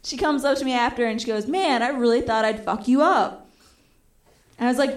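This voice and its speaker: A young woman tells a story on a comedy stage, her voice sitting a little high. She is lively and jumps into the voices of the people she quotes, and the audience laughs now and then behind her. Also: moderate pace. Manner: animated, acts out quoted voices. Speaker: stand-up comedian. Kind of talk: stand-up storytelling.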